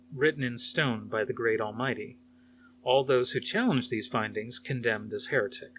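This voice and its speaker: A man narrating a novel aloud in a steady, plain storytelling manner. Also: mid-range voice, slight background noise.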